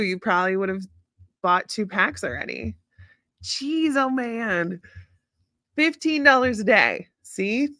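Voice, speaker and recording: A frank, no-nonsense woman chatting live with her viewers, her voice sitting a little low for a woman. She talks bluntly and swears freely, and the sound is close and dry with no room echo. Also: vocal fry, pushed and bright. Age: adult parent. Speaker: host of a live chat stream. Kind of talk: casual chat with live viewers.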